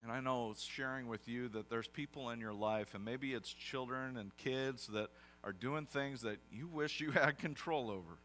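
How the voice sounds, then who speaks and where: A man's voice: mid-range voice, normal speed, hardly any pauses, a bit bright. A man, a pastor with young kids, preaching a conversational sermon with self-deprecating asides.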